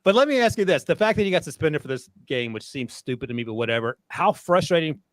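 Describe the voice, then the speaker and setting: A man co-hosting a podcast, talking fast and teasing his co-host with frequent laughs. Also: a little high, animated, no echo. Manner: quick, laughs often, teasing. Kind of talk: casual sports chat.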